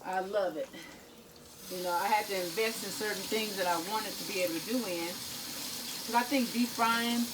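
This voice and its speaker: A woman's voice: medium pitch, normal speed, very noisy. Chatty woman cooking on camera. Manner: chatty, talks to viewers as "y'all" and "guys". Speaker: cooking vlogger. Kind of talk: casual kitchen vlog. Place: home kitchen.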